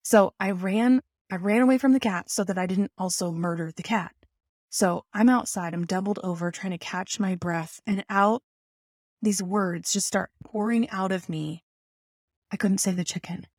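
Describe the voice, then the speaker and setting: A woman telling a personal story in an animated, self-mocking way, full of rambling asides. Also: medium pitch, moderate pace, no echo, clean studio sound.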